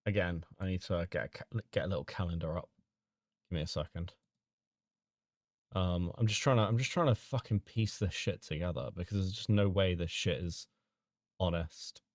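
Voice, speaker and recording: A man's voice: sits low, normal speed, no room sound, clean studio sound. A man hosting a drama channel stream, reacting to comments in a heated, profane rant.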